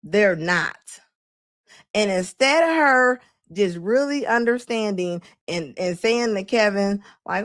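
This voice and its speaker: A woman commenting live to her chat, animated and laughing often as she mocks the people she quotes. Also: fairly high pitch, takes it slowly, no room sound, clean studio sound. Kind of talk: reaction stream talking to chat.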